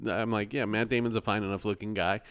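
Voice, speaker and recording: A man's voice: fairly low pitch, steady tone, fast talker, a crowd in the background. A man in his thirties co-hosting a podcast in casual chat, rambling and restarting his sentences. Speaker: podcast co-host.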